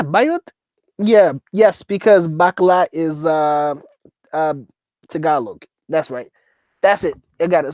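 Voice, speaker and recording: Reading live chat comments aloud, a man hosting a casual livestream jokes with heavy profanity and laughs often. His voice is fairly high and a little mellow, recorded with no room sound.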